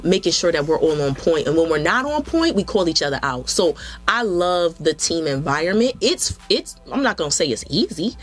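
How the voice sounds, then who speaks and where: A woman guest in a casual interview, telling stories in an animated way and acting out quotes. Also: sits low. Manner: animated, acts out quotes with lots of "yo". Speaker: interview guest, film director and photographer.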